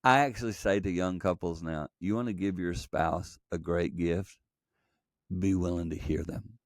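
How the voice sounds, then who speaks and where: A man's voice: sits low, moderate pace, no echo, studio quality. A middle-aged man telling a personal story earnestly, acting out quoted dialogue, as a podcast guest. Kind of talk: conversational storytelling.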